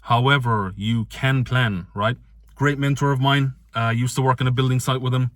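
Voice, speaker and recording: A man delivers a fired-up motivational rant straight to camera, hammering each point home by repeating it and dropping the odd swear word. His voice sits at a middle pitch. The recording is close and dry, with no room echo. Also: normal speed. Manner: energetic, emphatic, repeats phrases; swears casually. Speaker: online business vlogger.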